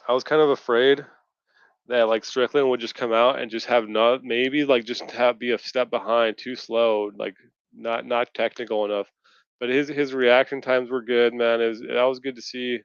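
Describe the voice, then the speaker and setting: A man's voice: mid-range voice, clean tone, no echo, highs cut off. A man on a casual video-call chat, ranting and swearing in frustration. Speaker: podcast co-host. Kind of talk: casual post-fight chat.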